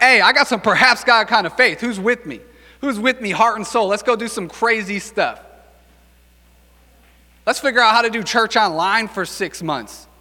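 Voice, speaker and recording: Pastor, male, lively casual preacher with a slightly high, bright voice in a reverberant hall. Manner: animated, acts out quick voices for biblical figures. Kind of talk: casual energetic sermon.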